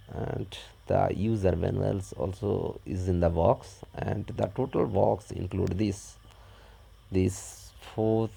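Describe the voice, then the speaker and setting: A man narrating an unboxing step by step in a halting, plain way. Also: deep voice, gravelly, mellow, breathy edge. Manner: halting, plain, describes each step as he does it. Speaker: unboxing vlogger.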